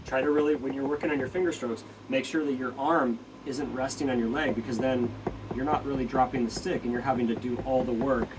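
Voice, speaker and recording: A man's voice: mid-range voice, steady tone, brisk. A man giving a casual drum lesson, counting beats aloud and asking "right?" as he explains. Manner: counts beats aloud while demonstrating on a practice pad; loose, filler-heavy explaining with frequent "right?". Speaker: drum teacher. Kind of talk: casual instructional talk. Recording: distant mic with loud drum-pad noise.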